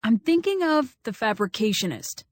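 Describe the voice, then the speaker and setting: A woman's voice: a little high, sing-song, normal speed, no room sound, studio quality. A woman voicing an easygoing teenage honor student in an audiobook, speaking in a casual, offhand way.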